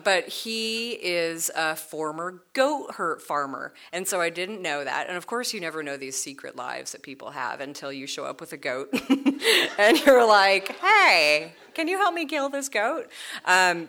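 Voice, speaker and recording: Low-voiced woman, bright punchy tone, chatty storytelling, laughs a lot, does little voices for people. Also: normal speed, few pauses. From United States. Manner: animated, laughing, acts out quoted voices. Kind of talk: casual storytelling conversation.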